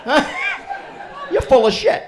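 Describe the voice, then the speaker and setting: A man's voice: takes it slowly, background noise. A man doing a profane stand-up set, teasing the crowd in a comedy club. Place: comedy club before a live audience.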